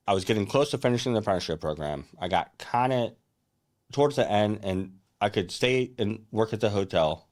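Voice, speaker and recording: A young man, a chef, telling his career story in a casual, earnest first-person way, often restarting his sentences. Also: sits low. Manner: earnest and reflective, with many restarts and fillers like "like" and "right?".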